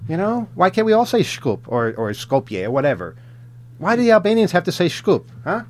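A man's voice: high-pitched, sing-song, a little fast. A man co-hosting a podcast, telling travel stories in casual chat, rambling with many fillers and restarts and chuckling often. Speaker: podcast co-host.

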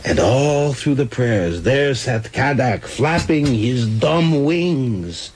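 A man reading a comic story aloud with animated, comic timing. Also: mid-range voice, slow pace, a little hiss or hum, low-quality recording.

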